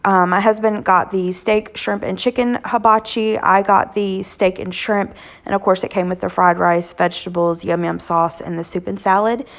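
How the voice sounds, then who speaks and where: Hoarse lady talking thru her dinners, kinda gravelly, lots of ums, homey cooking vlog. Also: mid-range voice, fairly even intonation, normal speed. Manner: chatty, homey, frequent "um" fillers. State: hoarse from illness. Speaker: cooking channel host. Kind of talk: casual cooking vlog narration.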